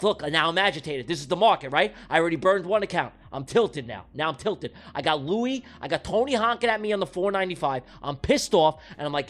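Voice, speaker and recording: A man hosting a trading livestream who talks straight to his viewers in a profane, animated storytelling way. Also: a little high, a little fast, few pauses. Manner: talks directly to the audience. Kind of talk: livestream chat.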